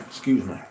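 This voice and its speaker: A man's voice: sits high, slight background noise. A man hosting a casual livestream from home, rambling and swearing freely as he reads viewer comments aloud and answers them. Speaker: fragrance livestream host.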